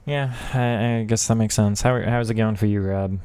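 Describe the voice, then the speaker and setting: Low, mellow-voiced male game streamer. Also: steady tone, moderate pace, clear, resonant tone, dry recording. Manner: frustrated, mutters at the game, chats with viewers. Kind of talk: casual gaming commentary.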